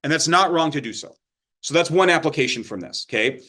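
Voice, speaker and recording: A man's voice: on the high side, lively intonation, fairly quick, pushed and bright. A man teaching a Bible study in a loose, conversational way, checking in often with his listeners. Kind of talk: informal sermon teaching.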